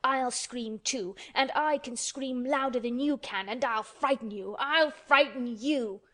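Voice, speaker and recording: A woman's voice: sits high, a little slow, heavily acted. Woman voicing a furious, bossy little girl. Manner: shouting, scolding, stamping.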